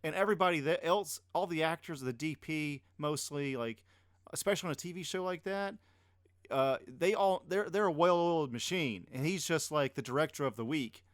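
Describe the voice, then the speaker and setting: A man hosting an interview, talking in a relaxed and hesitant way with many fillers. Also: on the high side, brisk, dry recording, clean studio sound. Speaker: podcast host. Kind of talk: casual interview chat.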